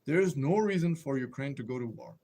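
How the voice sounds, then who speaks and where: A man's voice: mid-range voice, expressive, a little fast, vocal fry, warm tone. A man hosting a casual live stream, rambling and emphatic, firing off rhetorical questions and answering viewer comments.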